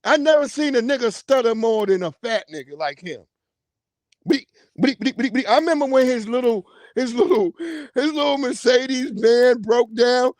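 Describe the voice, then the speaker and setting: A man with a notably high voice delivers a heated, profane livestream rant, mocking and loud at times. The sound is dry and close to the mic, with no room around it. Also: animated, normal speed, no echo. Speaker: livestream host.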